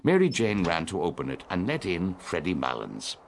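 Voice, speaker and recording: A man narrating classic fiction as an audiobook, in an expressive, measured storytelling manner. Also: sits low, a little hiss or hum.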